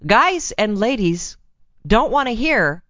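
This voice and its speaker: A woman's voice: fairly high pitch, sing-song, slow, fairly bright tone, no room sound, muffled recording. A woman hosting a relationship advice show, talking frankly and laughing easily as she reads a listener's letter.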